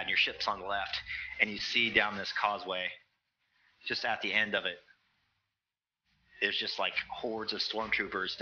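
A man narrating as game master of a tabletop role-playing game, energetic and loose with laughing asides. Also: sits low, dull audio, slight background noise.

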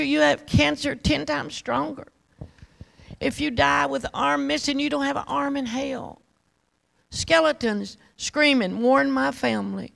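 A woman's voice: high-pitched, a bit bright, low-quality recording. An older woman preaching a fervent sermon, calling her listeners honey and baby doll. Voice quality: gravelly.

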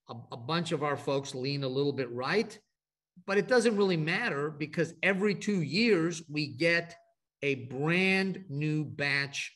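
A man's voice: on the high side, fairly bright tone. A middle-aged man from Texas giving a conversational, story-driven talk to a group, full of asides and restarts. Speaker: speaker at an advocacy training event. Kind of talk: informal presentation to a group.

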